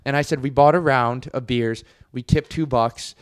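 Dude rambling thru a bar story on a podcast, dry mic, lots of restarts. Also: male voice, mid-range voice, steady tone, moderate pace, smooth, dry recording. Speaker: podcast co-host. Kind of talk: casual chat.

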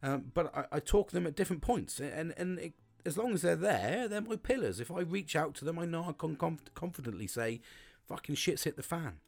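A man's voice: fairly high pitch, lively intonation, a little fast, gravelly, a little mellow. A middle-aged man, hosting his own podcast from his home cabin. He swears a lot and rambles with many restarts. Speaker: podcast host. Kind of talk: casual solo podcast monologue. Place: home log cabin studio.

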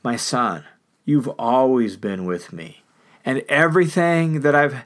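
A man voicing a forgiving father as he welcomes his son home, in a gentle, lowered, earnest tone. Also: lively intonation, unhurried, lightly acted. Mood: tender.

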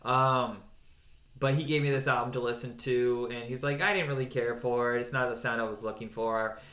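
A man talking casually as a podcast co-host, opinionated and animated, counting down favorite songs and sometimes mocking people in a put-on voice. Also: mid-range voice, fairly quick. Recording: echoey room.

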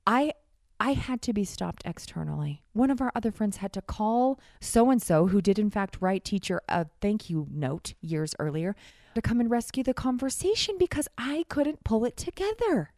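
A woman's voice: medium pitch, normal speed, dry recording, studio quality. Candid woman telling a personal story. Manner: candid, animated, wry, acts out quoted voices.

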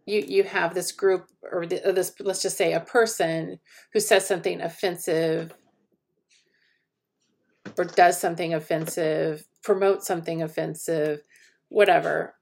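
A woman co-hosting a podcast, talking through a topic casually and thoughtfully, often pausing to restart her sentences. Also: fairly low pitch, steady tone, gravelly, a little mellow. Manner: thoughtful, hesitant, with many restarts. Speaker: podcast co-host. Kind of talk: casual discussion.

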